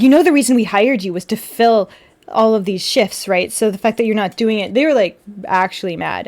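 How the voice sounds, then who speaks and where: A young woman streamer chatting casually while building a model kit, animated and full of quoted back-and-forth. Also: fairly low pitch, gravelly. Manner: chatty and animated, with frequent laughs and quoted dialogue.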